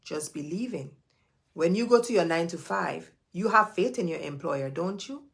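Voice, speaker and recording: A woman's voice: on the low side, lively intonation, moderate pace, vocal fry. Emphatic woman preaching motivation. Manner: emphatic, repeats key phrases, preachy. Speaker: host and business coach. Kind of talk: live motivational talk to viewers.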